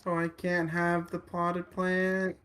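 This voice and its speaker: A player voicing a naive, excitable young man in a tabletop role-play, speaking in a high, drawn-out childlike voice. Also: clean tone. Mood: plaintive.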